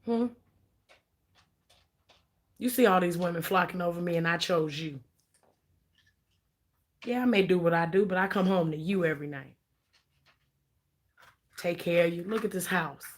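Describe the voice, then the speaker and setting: A woman voicing a grown husband who talks in a low, calm, coaxing way and guilt-trips his wife. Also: normal speed, long pauses, natural voice. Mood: smug. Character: soft-spoken manipulative grown husband. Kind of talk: mocking impression in commentary.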